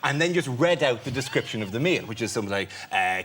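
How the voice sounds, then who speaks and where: A man with an Irish accent, a comedian guest on a chat show, telling a lively comic anecdote and tagging lines with "right?". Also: mid-range voice, fast talker, noisy background. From Ireland. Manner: lively storytelling, tags lines with "right?", laughs through his words; slips into silly voices for people in his stories.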